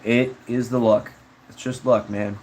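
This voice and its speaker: A man's voice: medium pitch, level tone, a little slow, darkish tone, a little hiss or hum, low-quality recording. A man chatting casually on a livestream, reading chat in a rambling, slangy way with frequent laughs.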